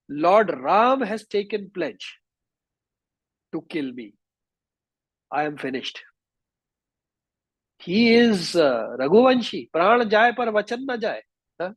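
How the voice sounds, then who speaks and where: A man's voice: high-pitched, animated, takes it slowly, long pauses, slightly rough, no room sound, voice pushed up, heavily acted, low-quality recording. A man voicing a frightened young king who pleads for help. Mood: panicked. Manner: anxious, pleading.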